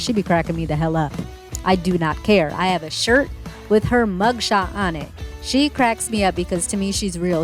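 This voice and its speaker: A woman giving a casual, rambling commentary as she reviews a show, full of hedging asides. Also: mid-range voice.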